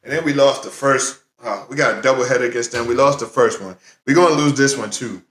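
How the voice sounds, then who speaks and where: A man's voice: mid-range voice, fast talker, a bit bright. Chatty male host in a roomy space. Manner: chatty and repetitive, repeats phrases for emphasis; talks directly to viewers, greets them often. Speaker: podcast host. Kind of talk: casual solo talk show. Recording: roomy echo.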